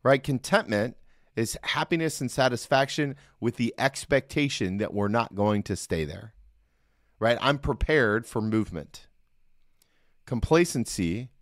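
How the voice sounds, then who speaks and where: A man's voice: lowish voice, dry recording, studio quality. A middle-aged man hosting a solo Christian podcast, talking earnestly and conversationally and checking in with the listener often. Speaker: podcast host. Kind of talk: solo devotional podcast talk.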